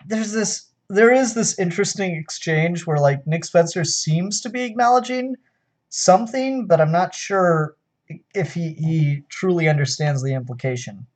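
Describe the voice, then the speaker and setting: A man's voice: high voice, moderate pace. Sarcastic man reviewing comics. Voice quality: sarcastic, exasperated. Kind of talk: casual solo review.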